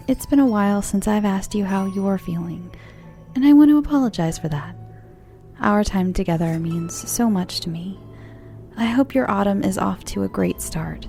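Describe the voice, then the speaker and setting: An American woman hosting a podcast and narrating horror stories in a soft, friendly way that sometimes dips into whispers. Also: mid-range voice, expressive, normal speed, creaky, faint music behind. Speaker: host and storyteller. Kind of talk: calm horror story narration.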